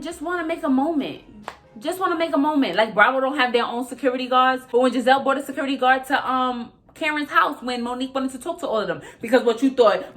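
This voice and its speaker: A young woman with ranting casually and profanely while recapping a reality show. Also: mid-range voice. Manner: animated, profane, emphatic, repeats herself. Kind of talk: casual reaction rant.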